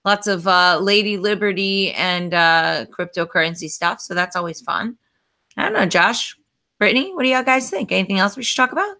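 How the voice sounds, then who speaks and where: A woman's voice: medium pitch, normal speed, vocal fry, pushed and bright. A woman hosting a casual chat show, upbeat and chatty, with lots of fillers. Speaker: podcast host.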